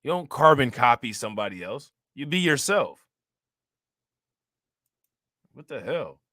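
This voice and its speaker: A man's voice: medium pitch, very animated, measured pace, bright, forceful tone, dry recording, clean studio sound. A man giving casual, slangy reaction commentary on news clips, mocking and talking straight to his viewers.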